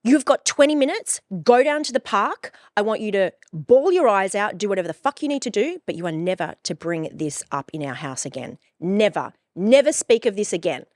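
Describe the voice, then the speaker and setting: A woman voicing her strict, angry mother, who is loud, sharp and commanding. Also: medium pitch, animated, fairly quick, few pauses, dry recording, studio quality, natural voice. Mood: furious.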